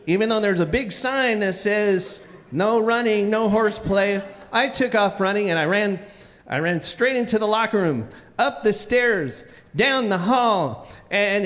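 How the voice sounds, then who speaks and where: A man telling a childhood story live on stage, animated and often restarting with repeated words. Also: high voice, big-room sound.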